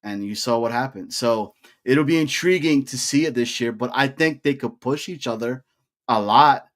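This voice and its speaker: A young man co-hosting a sports podcast, talking casually and getting worked up with loud, rising hype. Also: medium pitch, normal speed. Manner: animated, hypes with rising shouts. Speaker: podcast co-host.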